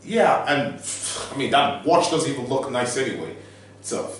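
A man's voice: mid-range voice, animated, normal speed, slight background noise. A young man hosting a casual reaction video, ranting in an exaggerated, mocking way with goofy asides. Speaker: YouTuber. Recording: roomy, distant mic with music playing.

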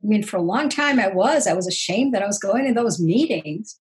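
An older woman, a counselor guest on an interview, talking earnestly and reflectively about her personal growth, with soft laughs. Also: mid-range voice, animated, a little fast, rough recording. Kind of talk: interview conversation.

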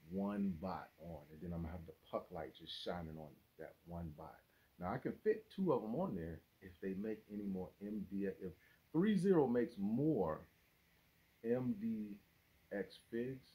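A man's voice: low-pitched, slightly rough. A man hosting his toy collecting channel, talking in a chatty, slangy, casual vlog style. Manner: animated, chatty, slangy, laughs often. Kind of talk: casual unboxing vlog chat.

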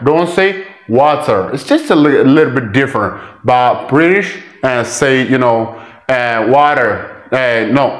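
A man teaching English pronunciation. He repeats example words slowly and switches between languages as he explains. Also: mid-range voice, animated, reverberant. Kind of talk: pronunciation lesson.

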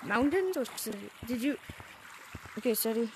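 A woman's voice: on the high side, expressive, moderate pace, noisy background. A woman commenting casually on her gameplay, jumpy and easily startled, complaining as she goes. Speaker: game streamer.

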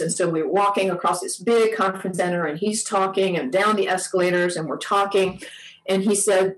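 A woman tells a story during a church service, often stopping and repeating her words. Her voice sits at an ordinary middle pitch. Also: a little fast, low-quality recording. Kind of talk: storytelling sermon.

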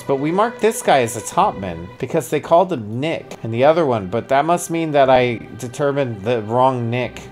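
A man streams a mystery game in a casual, mid-pitched voice, working through clues out loud. He often breaks off into startled exclamations. Faint music plays behind him. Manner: thinks aloud, puzzles over clues, bursts into startled exclamations. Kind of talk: casual gameplay commentary.

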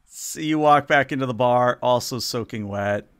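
A man narrates a tabletop game as game master in a dry, matter-of-fact way. His voice sits at a middle pitch and sounds close and dry. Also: moderate pace, fairly bright tone, clear, resonant tone, no echo.

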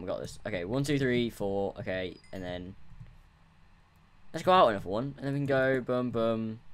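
Rambling, self-mocking gamer, lowish voice. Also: male voice, a little hiss or hum. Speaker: let's play gamer. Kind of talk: casual gameplay commentary. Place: room at home, others in the house.

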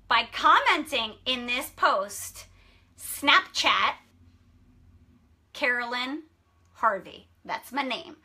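A woman's voice: a little high, bright, forceful tone. A woman sleep consultant hosting a casual live stream, bubbly and effusive, repeating herself for emphasis.

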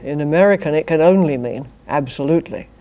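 An older British woman with a low, dark voice speaks quickly in a British English accent. She is a philosophy professor lecturing to a university society, adding wry, dry humour and chuckled asides.

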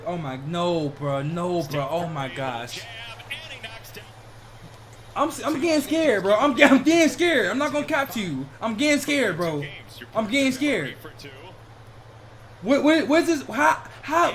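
A man hosting a basketball reaction video, talking casually in an excitable, slangy way. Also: high-pitched, measured pace, pauses often. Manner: excitable, slangy, repeats "bro".

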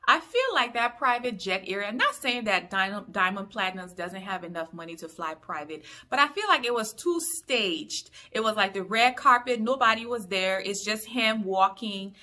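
A woman's voice: medium pitch, moderate pace, few pauses, bright, forceful tone. A young woman from Liberia chatting through a casual TV episode recap, full of opinionated asides. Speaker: YouTube reviewer.

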